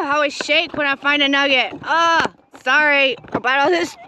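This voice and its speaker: A woman's voice: high voice, moderate pace, heavy background noise. A woman, chatting to viewers while prospecting outdoors in the desert, with the camera set down nearby. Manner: chatty, addresses viewers as y'all, squeals with excitement. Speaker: gold prospecting vlogger. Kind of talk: casual vlog narration.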